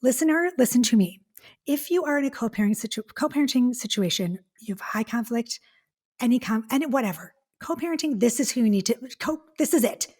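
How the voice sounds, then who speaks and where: A woman hosting a podcast, chatting in a gushing, excitable way with lots of restarts. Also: on the high side, a little fast, husky. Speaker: podcast host. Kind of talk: casual podcast chat.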